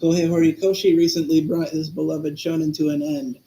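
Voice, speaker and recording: A man with a fairly high voice talks in a relaxed, rambling way, pausing often to find his words. The sound is roomy and echoey. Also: a little hiss or hum. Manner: thoughtful, rambling with many fillers. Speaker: podcast co-host. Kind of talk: casual chat. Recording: echoey room.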